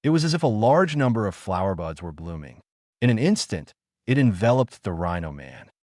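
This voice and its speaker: Reading a fan novel as an audiobook, a man with a fairly low voice performs dramatically and calls out sound effects forcefully. He's very animated at a normal pace, slightly mellow, and the recording is dry and studio-clean.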